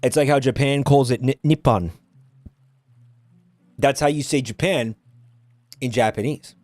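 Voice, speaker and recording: A man's voice: medium pitch, measured pace, a little mellow, no echo. A man streaming and ranting at his chat, exasperated and swearing often. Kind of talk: casual stream rant.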